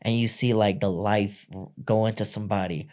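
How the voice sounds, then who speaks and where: A man's voice: on the low side, fairly even intonation, normal speed, a little mellow. A man on a podcast as a guest, telling his own story candidly in blunt, profane everyday speech. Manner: blunt and profane, acts out quoted voices.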